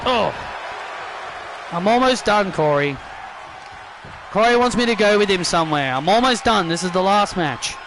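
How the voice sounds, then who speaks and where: A man hosting a gaming channel, calling a wrestling video game match as mock play-by-play, excitable, repeating himself and shouting at the big moves. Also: high voice, normal speed, pauses often, a crowd in the background, noisy background.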